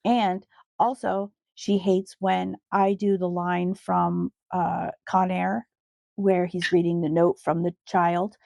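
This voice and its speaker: A woman's voice: on the low side, flat delivery, slow, vocal fry, a little mellow, no room sound, clean studio sound. A woman co-hosting a casual podcast, chatty and storytelling, laughing easily and swearing now and then. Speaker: podcast co-host. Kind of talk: casual chat.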